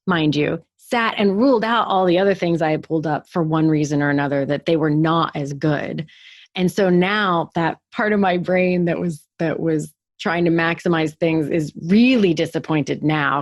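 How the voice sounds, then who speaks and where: A woman's voice: sits low, normal speed, no room sound, studio quality. A woman co-hosting a podcast, telling a story in casual chat with lots of filler words. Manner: chatty storytelling with many "like" fillers. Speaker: podcast co-host.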